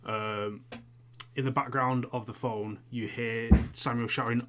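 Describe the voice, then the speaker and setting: A man narrating a tabletop horror game as game master, pausing often and restarting phrases. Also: medium pitch, steady tone, fairly bright tone. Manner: hesitant, many fillers and restarts.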